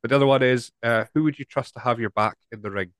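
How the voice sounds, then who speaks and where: A man's voice: mid-range voice, fast talker, a bit bright, dry recording. A man hosting a podcast, asking questions in a hesitant, jokey way while nursing a sore throat. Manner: hesitant, jokey, self-conscious. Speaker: podcast host. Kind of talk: casual chat.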